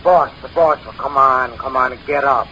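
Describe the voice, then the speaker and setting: A man's voice: medium pitch, normal speed, bright, forceful tone, a little hiss or hum, lightly acted. A man doing a simple-minded Italian-accented sidekick. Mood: comic. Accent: put-on Italian. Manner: broken English, simple comic logic. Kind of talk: 1930s radio comedy acting. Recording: dull lo-fi old radio recording.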